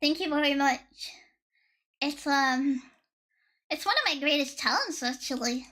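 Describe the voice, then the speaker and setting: Woman streamer, very high and bright voice, sarcastic and joking with chat, curses often, slightly worn voice. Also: lively intonation, a little slow. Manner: joking, sarcastic, swearing freely. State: voice slightly worn from past strain. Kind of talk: casual chat with live viewers.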